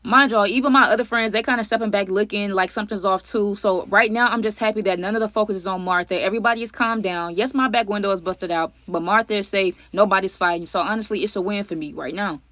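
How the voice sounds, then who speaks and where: Woman doing a fast storytime vlog, slangy, talks to y'all, dry close mic. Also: mid-range voice, no echo. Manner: animated, slangy, talks straight to viewers as y'all; acts out other people's lines mid-story. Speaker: vlogger telling a storytime.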